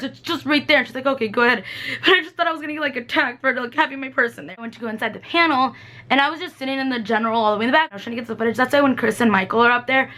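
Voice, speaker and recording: A woman's voice: a little high, fairly bright tone. A woman in her twenties telling a rambling story for her vlog. She mocks herself, giggles, and acts out the people she quotes with shifts in voice. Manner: giggly, self-mocking. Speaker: vlogger.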